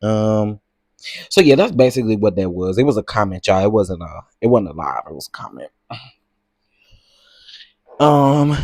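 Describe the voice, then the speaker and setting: A man with a lowish, slightly mellow voice hosts a livestream, chatting and gossiping casually as he reads out comments, tossing in "y'all" and "girl." The studio-quality audio has no room sound.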